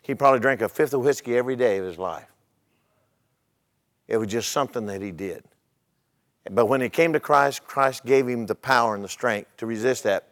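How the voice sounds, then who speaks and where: A man's voice: mid-range voice, brisk, long pauses, fairly bright tone, in a large hall. An older man, a pastor, preaching a sermon in a conversational way, repeating his words and telling humorous stories.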